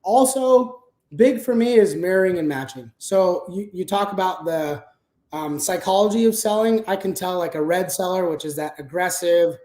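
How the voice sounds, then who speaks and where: A man's voice: high-pitched, moderate pace, a little mellow, reverberant. A man talking casually as an interview guest about managing a sales team, explaining things step by step with frequent fillers.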